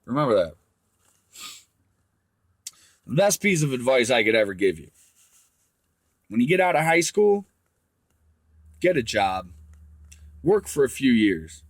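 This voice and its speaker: A man's voice: medium pitch, big pitch swings, moderate pace, long pauses, no room sound. A man ranting crudely to young viewers, swearing constantly as he gives blunt advice. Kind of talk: profane rant to camera.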